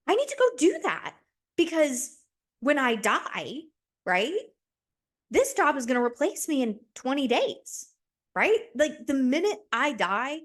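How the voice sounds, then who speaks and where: Woman, twenties, podcast host, casual monologue, animated, rambling, swears freely. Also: sits high. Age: 20s.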